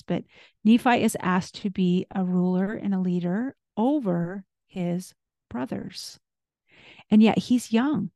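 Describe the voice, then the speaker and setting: A woman's voice: medium pitch, gravelly, dark tone, no echo, studio quality. A woman hosting a faith podcast, retelling scripture stories in a casual way with asides and fillers. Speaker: podcast host.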